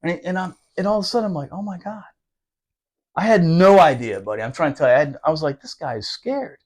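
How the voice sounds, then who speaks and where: A man with a somewhat high voice tells a long, swearing story in loose podcast chat. He rushes some asides and laughs often. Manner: profane, animated, laughing, fast asides. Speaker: podcast guest telling a story. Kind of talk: casual storytelling.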